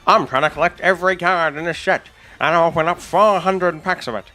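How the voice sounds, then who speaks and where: A man's voice: fairly high pitch, fairly quick, sharp tone, pitched above the performer's own voice. A man doing an old-timey 1940s radio announcer. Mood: grandiose. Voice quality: old-fashioned theatrical delivery. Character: 1940s-style male radio announcer, grandiose.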